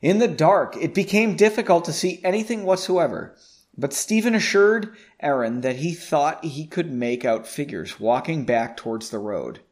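A man's voice: fairly high pitch, lively intonation, normal speed. A man reading his own story aloud, breaking off for chatty, self-commenting asides.

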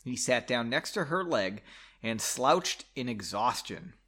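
A man's voice: medium pitch, very animated, a little slow, sharp tone, breathy edge. A man reading his own novel aloud, stopping to make self-mocking comments on his writing. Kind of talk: reading aloud with chatty asides.

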